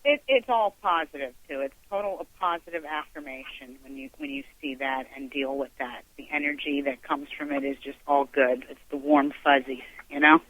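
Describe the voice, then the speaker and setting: A man's voice: fairly high pitch, normal speed, hardly any pauses, a bit bright, no room sound. A man hosting a radio show, chatting casually with a guest and gushing with praise. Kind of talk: casual interview chat. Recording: tinny phone line.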